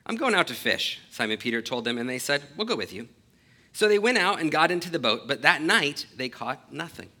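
A man preaches an earnest, very animated sermon in a bright, forceful voice pitched a little above most men's. He reads scripture aloud and then explains it, leaning on key phrases and slowing down to stress them.

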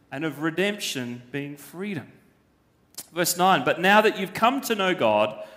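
Pastor, man, high-pitched, emphatic preaching style, long church-hall reverb. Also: fairly bright tone. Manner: emphatic, uses rhetorical questions. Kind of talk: sermon.

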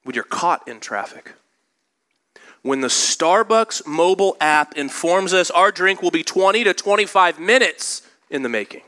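A male pastor preaching a sermon in a church, moving from slow scripture reading into lively storytelling. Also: sits high.

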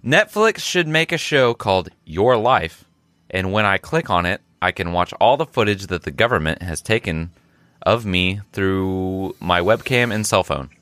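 Deep, slow-talking man. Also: animated, a bit bright, no room sound. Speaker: podcast co-host. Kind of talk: casual comedy chat.

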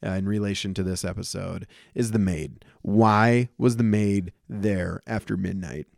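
A man's voice: on the low side, steady tone, gravelly, a little mellow, no echo, clean studio sound. A man co-hosting a podcast, chatting casually and jokingly about an old radio episode, rambling and punning. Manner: joking, rambling, puts on quick voices. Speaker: podcast co-host. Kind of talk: casual chat reviewing an old radio show.

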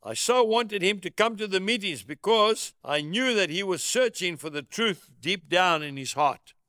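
A man's voice: sits high, animated, normal speed, sharp tone, dry recording, studio quality. A man narrating a first-person memoir as an audiobook, in an earnest, reflective way.

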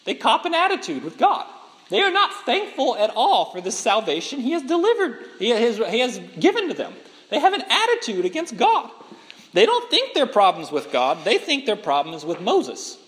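Animated man teaching a Bible lesson. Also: extremely high pitch, moderate pace. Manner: animated, laughs often, acts out quotes. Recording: long hall reverb.

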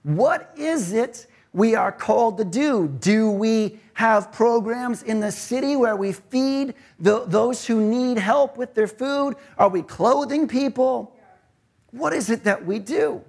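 A man's voice: very high-pitched, takes it slowly, creaky, a little mellow. A male pastor preaching a conversational sermon and asking rhetorical questions.

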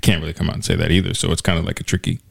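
A man's voice: low-pitched, level tone, very fast, creaky, slightly rough, dry recording. A man co-hosting a casual chat, laid-back and joking, often cutting in with short remarks.

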